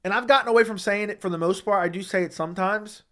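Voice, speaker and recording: A man's voice: high-pitched, fast talker, fairly bright tone. A young man hosting a livestream who reads viewer comments aloud and answers them bluntly, swearing often. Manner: blunt and profane, talks back to chat. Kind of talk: casual livestream chat. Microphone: studio microphone at a desk.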